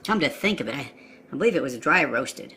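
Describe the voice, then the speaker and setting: A woman voicing a hesitant, deadpan husband who mumbles his answers. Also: very deep voice, fairly quick, a little hiss or hum, voice pushed down, exaggerated voice. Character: sluggish mumbling husband, middle-aged man.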